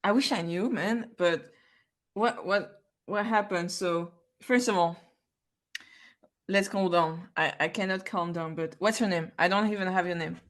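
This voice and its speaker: Stubborn wounded male mechanic, stammering and pleading, played by a woman in her own low voice. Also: unhurried, lightly acted. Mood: insistent. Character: injured young male airplane mechanic, stubborn.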